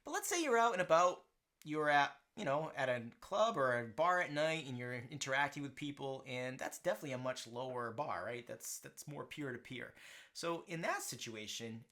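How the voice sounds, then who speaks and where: A man's voice: medium pitch, lively intonation, pushed and bright. A man teaching a language lesson, explaining grammar and often checking in with "right?" and "okay". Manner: slows down to model pronunciation.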